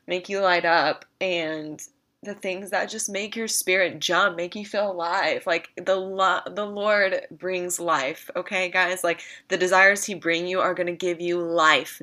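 A woman's voice: on the low side, a little slow, bright, forceful tone. A woman talking casually to viewers about faith, earnest and emphatic, repeating phrases for stress. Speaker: Christian vlogger.

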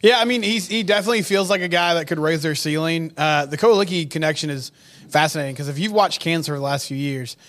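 A man's voice: a little high, fast talker, fairly bright tone. A man co-hosting a sports podcast, giving analysis and dry asides in casual chat. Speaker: podcast co-host.

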